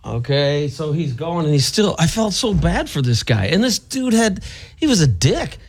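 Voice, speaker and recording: A man's voice: fairly high pitch, moderate pace. A man hosting a radio morning show who tells a story in a casual way and acts out the people in it. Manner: animated, acts out the people in his stories.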